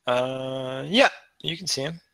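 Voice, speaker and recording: A man running a tabletop game online as game master, relaxed and chatty, laughing often. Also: mid-range voice, slow pace, vocal fry, no room sound. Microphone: online voice chat.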